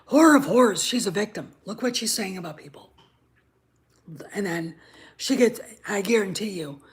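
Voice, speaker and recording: A woman hosting her own show, ranting in anger, swearing freely, stammering and repeating herself, dropping from shouts to muttered asides. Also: mid-range voice, animated, normal speed. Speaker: show host. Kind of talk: angry ranting commentary.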